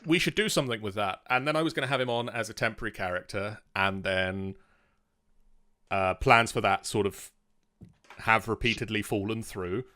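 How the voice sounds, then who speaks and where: A man hosting a tabletop game stream, chatting in an animated, self-mocking way at his desk mic. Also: lowish voice, moderate pace, dry recording, clean studio sound. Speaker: host and dungeon master. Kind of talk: casual stream chat.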